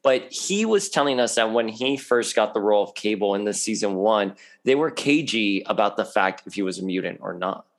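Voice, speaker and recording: A man talking as a guest on a podcast in a chatty, animated way, laughing often. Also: fairly low pitch, fairly quick, hardly any pauses. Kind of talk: casual podcast chat.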